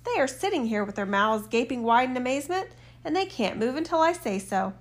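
A woman's voice: high voice, big pitch swings, brisk. A woman voicing a bold, cheerful, hungry soldier in a fairy tale reading, speaking heartily. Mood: hearty. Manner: hearty and confident.

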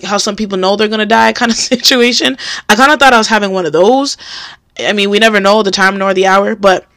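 A woman's voice: mid-range voice, a bit bright, no echo, clean studio sound. A young woman hosting a podcast, speaking candidly and emphatically about her faith and personal struggles. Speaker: podcast host.

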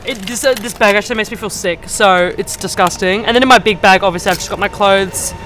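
A woman's voice: mid-range voice, quick pace, a bit bright. A chatty woman hosts a loose travel vlog, rambling along with plenty of fillers and laughs. She talks while walking outside, with faint traffic in the background. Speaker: podcast host. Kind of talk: casual travel vlog chat. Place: outdoors, walking through streets.

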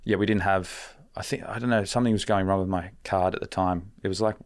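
A man's voice: sits low, fairly even intonation, fast. A young man, telling a story as a podcast guest in a rambling, laid-back way, with lots of fillers and casual swearing.

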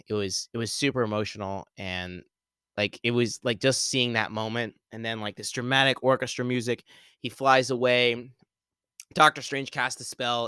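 A man's voice: mid-range voice, fairly bright tone, clear, resonant tone, no echo. A young man hosting a podcast alone, rambling through a casual spoiler talk with many fillers and restarts. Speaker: podcast host.

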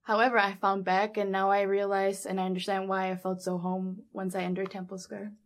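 A young adult woman recounting a personal story in a casual interview, animated, with lots of fillers and quoted dialogue. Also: mid-range voice, fairly quick. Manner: animated, laughs often, many fillers like 'um' and 'like'; acts out quoted dialogue in her own voice. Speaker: guest telling her story.

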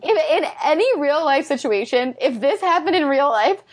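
A young woman with a high, light voice talks through a movie in casual podcast chat. She is animated and laughs often, tossing in quick asides as she goes. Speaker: podcast co-host.

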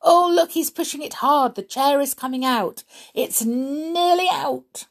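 A woman voicing an excitable, eager young male companion in a children's storybook, speaking in bright, eager exclamations. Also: lowish voice, measured pace. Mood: excited.

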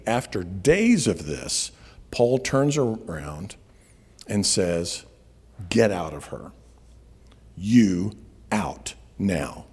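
Husky preacher in a reverberant hall. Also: male voice, mid-range voice, a little mellow. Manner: storytelling preacher, slows for emphasis. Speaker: pastor. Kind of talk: sermon. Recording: long reverb of a large hall.

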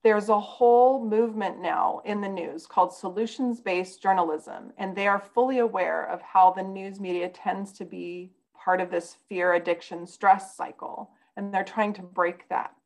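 A woman's voice: medium pitch, steady tone, moderate pace, few pauses, darkish tone, rough recording. A woman guest on a podcast, telling a personal story in an earnest, conversational way.

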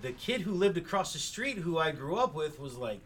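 A man's voice: on the high side, very animated, normal speed, fairly bright tone. A man guesting on a podcast, telling stories casually, swearing freely and laughing through them. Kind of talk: casual storytelling. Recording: off-mic with faint background noise.

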